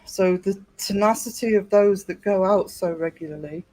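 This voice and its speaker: A man's voice: high-pitched, normal speed, a little mellow, no echo, poor audio. A man hosting a livestream, chatting casually with viewers and rambling with many fillers and restarts. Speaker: livestream host. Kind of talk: casual live chat with viewers.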